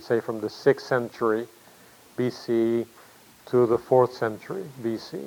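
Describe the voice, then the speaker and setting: A man giving a classroom lecture, explaining patiently, thinking aloud with many pauses and fillers and putting questions to himself. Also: medium pitch, a little mellow, poor audio.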